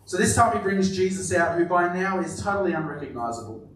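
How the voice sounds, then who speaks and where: A man preaching a sermon, emphatic and repeating his words, often dropping to a quiet, stressed delivery. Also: high-pitched, brisk, slight background noise. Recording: very echoey room, voice from a distance.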